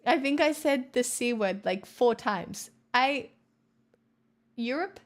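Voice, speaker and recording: A woman's voice: on the high side, lively intonation, takes it slowly. A woman livestreamer chatting casually with her viewers and reading their comments, with playful, mock-boastful banter, frequent swearing and laughs.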